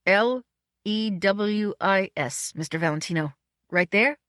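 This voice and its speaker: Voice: mid-range voice, unhurried, fairly bright tone, dry recording, studio quality, lightly acted. A reader voicing a cheerful, polite young man who works as a stunt double. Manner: polite, eager, slightly fussy.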